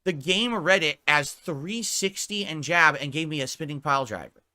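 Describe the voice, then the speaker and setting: A man's voice: on the high side, normal speed, bright, forceful tone. A man ranting on a live stream, reading chat comments aloud and answering them in a profane, exasperated way. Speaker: livestreamer.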